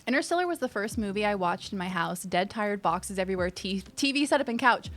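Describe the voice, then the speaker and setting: A young woman streamer chatting casually, reading and answering her chat with sudden squeals of excitement. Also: mid-range voice, quick pace.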